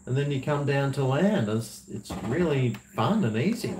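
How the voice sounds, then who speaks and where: A man's voice: medium pitch, lively intonation, moderate pace, darkish tone, a little hiss or hum. A man who hosts a livestream, chatting casually, rambling and laughing as he reads viewer messages. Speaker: livestream host. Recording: roomy echo.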